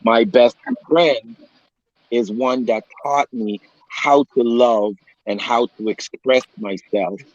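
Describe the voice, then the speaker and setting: A man in his fifties, a pastor and coach, speaking earnestly in a halting way on a call. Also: mid-range voice, no echo, muffled recording. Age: 50s. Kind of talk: casual video call chat.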